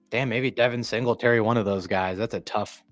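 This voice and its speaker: A man hosting a sports live stream, talking in a casual, rambling, profane way and often clearing his throat. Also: lowish voice, moderate pace, no echo, soft background music. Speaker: livestream sports commentator.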